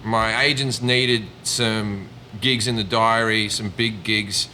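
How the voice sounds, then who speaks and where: A man's voice: fairly low pitch, fairly even intonation, slow pace, pushed and bright, a little hiss or hum. A man with an Australian accent, a comedian chatting casually and telling stories, swearing and mimicking people. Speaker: comedian guest. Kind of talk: casual chat.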